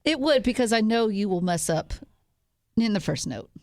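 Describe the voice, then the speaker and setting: A woman's voice: mid-range voice, expressive, normal speed, no room sound. A woman co-hosting a radio show who meows song lyrics and trades dry, teasing banter. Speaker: radio co-host. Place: radio studio. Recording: loud ukulele music behind the voice. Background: ukulele playing.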